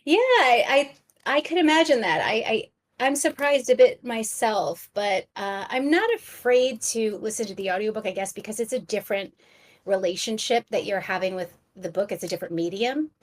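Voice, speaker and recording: A woman author chatting as a podcast guest, enthusiastic and quick to laugh, often restarting her sentences. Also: mid-range voice. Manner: frequent restarts and stammers. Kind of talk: casual podcast chat.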